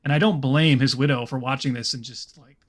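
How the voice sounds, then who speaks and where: A man's voice: medium pitch, fairly even intonation, fairly quick, a bit bright. A man co-hosting a podcast in casual film-review chat, rambling with lots of fillers. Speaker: podcast co-host.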